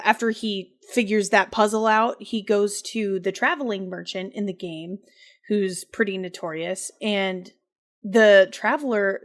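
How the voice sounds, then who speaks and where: A woman co-hosting a podcast, chatting casually and telling a game's story with lots of fillers and laughter. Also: mid-range voice. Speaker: podcast co-host. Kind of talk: casual chat recapping a game.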